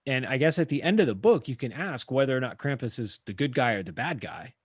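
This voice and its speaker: A man in casual podcast chat, animated and quick to laugh, cursing freely. His pitch sits in the middle and the sound is dry and close with no room echo. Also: slightly rough. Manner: animated, swearing, laughs easily. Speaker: podcast co-host. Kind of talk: casual book discussion.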